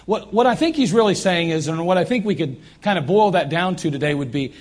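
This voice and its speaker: A man's voice: high-pitched, animated, brisk, few pauses, a little mellow. A man preaching a sermon as pastor in a church, emphatic and repeating his phrases for stress. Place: church sanctuary.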